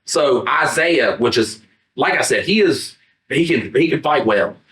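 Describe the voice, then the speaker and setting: A podcast co-host tells a rambling story in casual chat, swearing freely and acting out his own quotes. His medium-pitched voice is bright and forceful, and he keeps a measured pace. The sound is roomy and echoey, picked up by a distant mic rather than the podcast mics.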